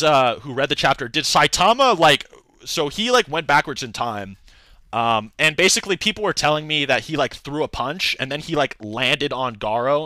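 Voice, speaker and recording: A young man talks in a loose, rambling way on a live stream, piling on filler words and slang. His voice is bright and forward. The sound is dry and close, with almost no room around it. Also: medium pitch, no room sound. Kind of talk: casual livestream rant.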